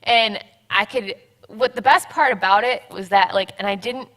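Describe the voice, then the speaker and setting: A young woman talks in a relaxed conversation, her words coming in halting, rambling runs broken by small laughs. Her voice is bright and clear, and her pitch sits in a middle register. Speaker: church member guest. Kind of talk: casual chat.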